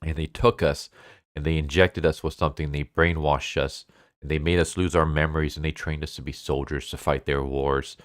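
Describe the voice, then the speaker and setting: A rebellious supersoldier deer pleads with his comrade in an urgent, steady voice, as a man reads him out. The voice sits very low and smooth. The recording is close and dry. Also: moderate pace, no echo. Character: rebellious male supersoldier deer, intense and persuasive.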